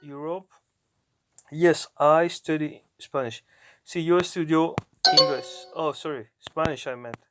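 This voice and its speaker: A man narrating his own language lessons, talking slowly and haltingly and often correcting himself. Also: a little high, steady tone, loud music behind the voice. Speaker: language learner. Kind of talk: narrating app lessons aloud.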